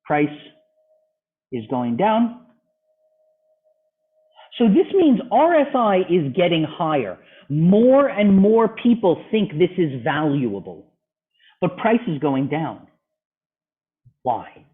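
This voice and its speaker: Lively man teaching trading charts. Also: high voice, slow, pauses often. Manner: lively, questioning the student. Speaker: trading club instructor. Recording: phone-like video call audio.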